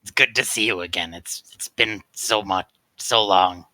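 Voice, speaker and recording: Stammering man, very bright voice. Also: sits low, moderate pace, no room sound. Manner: hesitant, stammering. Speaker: player. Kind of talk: casual tabletop play.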